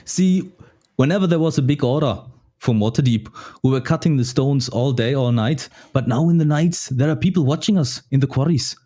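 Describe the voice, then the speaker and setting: A man's voice: medium pitch, moderate pace, mellow, natural voice. A man voicing a nervous male wagon driver from a stone quarry, his put-on accent drifting from one to another. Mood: uneasy.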